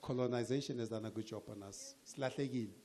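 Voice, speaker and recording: A man's voice: medium pitch, fast, warm tone, slight background noise. A man from South Africa talking casually to an audience, joking and dropping in local-language phrases. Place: event hall with audience.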